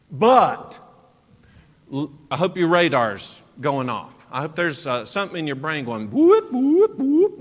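Male preacher, fairly high and very lively pitch, unhurried sermon delivery, heavy hall echo. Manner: animated, asks rhetorical questions.

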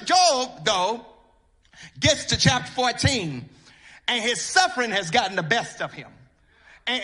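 A man preaching a sermon, half-chanting his lines, repeating words for emphasis and building up to shouts. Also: very high-pitched. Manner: intoning and chanting, rising to shouts.

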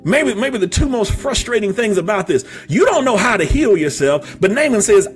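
High-voiced preacher building to shouts. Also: male voice, big pitch swings, normal speed, hardly any pauses, soft background music. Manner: emphatic, repetitive, builds to shouting; humorous storytelling with stammered restarts. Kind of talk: sermon.

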